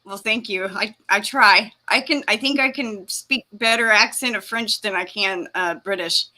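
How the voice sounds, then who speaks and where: A woman hosts a casual live-stream chat, with a bright, forceful voice. She chats in a halting way, full of fillers and small laughs. Her pitch sits in a middle range. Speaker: host.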